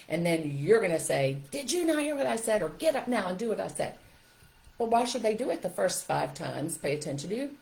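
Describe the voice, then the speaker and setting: Emphatic woman coaching parents, low voice. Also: rough recording. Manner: emphatic, animated, talks straight to parents. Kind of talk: live stream teaching talk.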